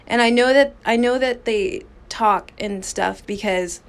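A woman speaking slowly with a gravelly, creaky edge to her voice. She hosts her own podcast and tells a personal story candidly and casually. She swears freely and often stops to restart a sentence. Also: fairly high pitch. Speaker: podcast host.

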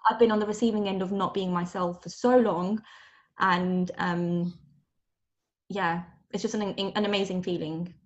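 A woman's voice: on the low side, fairly even intonation, moderate pace, muffled recording. A woman yoga teacher from London, speaking as a podcast guest in earnest, open and reflective casual chat.

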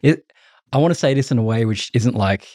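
A man and podcast co-host speaking in a thoughtful, measured and hedging way in casual chat. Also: mid-range voice, expressive, a little mellow, dry recording.

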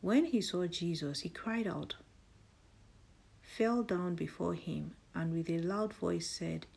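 A woman hosting a morning devotional, praying and reading scripture aloud in a soft delivery that often drops to a breathy half-whisper. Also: fairly low pitch, takes it slowly. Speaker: devotional host.

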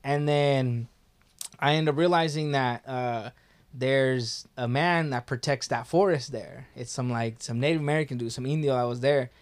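A man's voice: mid-range voice, moderate pace, clear, resonant tone. A young man telling a story in casual talk, laid-back and profane, with lots of filler words.

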